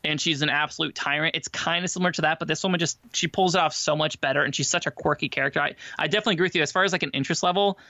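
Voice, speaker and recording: A man chatting casually about a film, talking in quick runs with many fillers and restarts. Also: fairly high pitch, bright, forceful tone, dry recording, dull audio.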